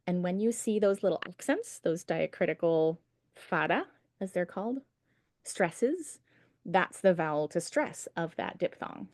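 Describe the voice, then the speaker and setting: A woman leads an online singing lesson, taking her time over each point in a slow, encouraging way. Her voice is mellow and soft-edged. The sound is dry and close, as on a video call. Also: lowish voice, vocal fry, no echo. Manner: patient, encouraging, explains slowly. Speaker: singing teacher. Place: home setup on a video call.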